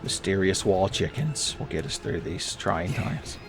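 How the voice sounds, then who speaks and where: A man's voice: gravelly, faint music behind. Joking man voicing game commentary. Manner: joking, quick pitch jumps when excited. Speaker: let's play host. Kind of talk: casual gameplay commentary.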